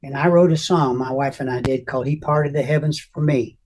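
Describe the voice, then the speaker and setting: An older man telling an emotional personal testimony as an interview guest, earnest and halting, often restarting his sentences. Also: mid-range voice, fairly even intonation, darkish tone.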